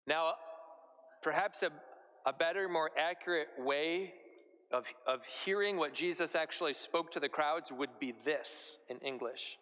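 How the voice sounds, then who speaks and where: A male priest giving a homily in a relaxed, conversational way, using everyday comparisons. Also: fairly high pitch, measured pace. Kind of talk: sermon. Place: church. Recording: echoey church hall.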